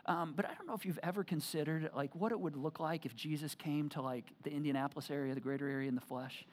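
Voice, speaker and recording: A male pastor giving a sermon in church, talking in a casual, animated way with many restarts. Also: on the high side, fast. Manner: conversational, animated, frequent restarts and fillers.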